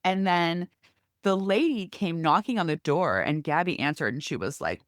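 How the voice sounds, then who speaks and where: Animated storytelling woman, dry close mic. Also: lowish voice, moderate pace, no echo. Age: middle-aged. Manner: lively storytelling, acts out quoted neighbors. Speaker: podcast co-host. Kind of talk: casual chat.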